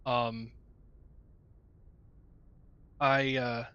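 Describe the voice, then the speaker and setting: A game streamer signs off to his viewers casually, rambling and affectionate with lots of filler words. His voice is medium-pitched, level, very slow, smooth and fairly bright, heard through muffled lo-fi audio with faint background music.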